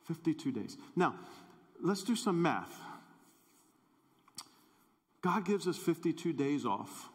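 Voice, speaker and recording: A male pastor in a church hall preaches in a playful, conversational way and talks straight to his listeners. He speaks slowly, and his voice carries a long hall reverb. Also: a little high, big pitch swings. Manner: playful, conversational, audience-engaging. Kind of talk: sermon.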